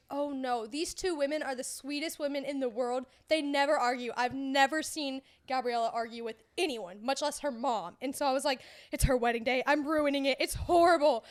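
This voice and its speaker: A young woman co-hosting a podcast, telling a story in casual chat and acting out what everyone said. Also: high-pitched. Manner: animated storyteller acting out quotes. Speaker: podcast co-host.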